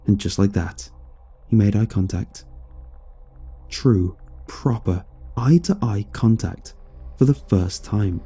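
Husky, dark-voiced man narrating horror. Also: fairly low pitch, takes it slowly. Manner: dramatic, expressive storytelling. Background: faint music.

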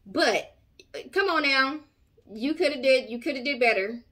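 A woman's voice: high-pitched, expressive, moderate pace, heavy background noise. A woman hosting a commentary channel, giving sassy, outspoken reactions.

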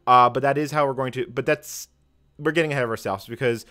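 Guy livestreaming tech stuff, mid pitch, rambly, lots of ums and little laughs. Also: fairly even intonation, fast talker, bright, forceful tone, clear, resonant tone. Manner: rambling, self-deprecating, frequent fillers and chuckles. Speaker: streamer. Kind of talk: live tech stream commentary.

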